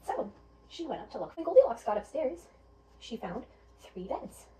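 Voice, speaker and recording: A woman teacher telling a children's story in an animated way, asking the children questions. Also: on the high side, moderate pace, recorded from a distance, a little hiss or hum, low-quality recording.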